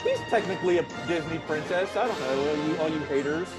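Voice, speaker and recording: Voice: medium pitch, fast talker. An emcee introducing acts at a comedy show in a teasing, hype-building way. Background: music.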